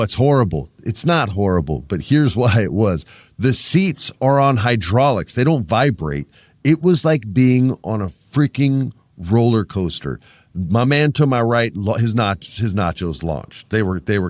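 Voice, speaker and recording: A man's voice: on the low side, no echo, clean studio sound. A man in his forties hosting a podcast, telling a story casually and with animation, with jokes and crude asides. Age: 40s. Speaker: podcast host.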